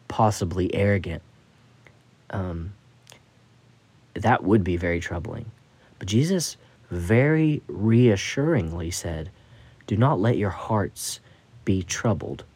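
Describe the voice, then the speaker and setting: A man's voice: sits low, a little mellow, slightly rough, no room sound. A man hosting a Bible study podcast, teaching scripture in a thoughtful, musing way with frequent restarts.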